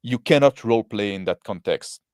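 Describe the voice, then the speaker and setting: A man's voice: lowish voice, moderate pace, darkish tone, dry recording, clean studio sound. A man giving casual commentary on a video, rambling with lots of fillers and tag questions. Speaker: co-host reacting to a video.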